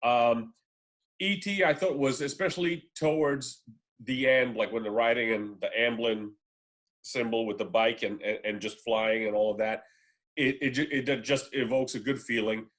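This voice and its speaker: A man's voice: mid-range voice, steady tone, normal speed, fairly bright tone. A man co-hosting a casual film podcast, giving his opinions in a rambling way, full of fillers and restarts. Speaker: podcast co-host. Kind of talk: casual podcast chat about films.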